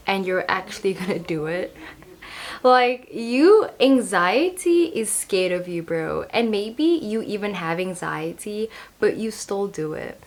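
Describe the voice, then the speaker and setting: A woman's voice: mid-range voice, expressive, unhurried. A young woman giving a casual, playful tarot reading to the camera, chatting and laughing at herself as she goes. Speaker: tarot reader.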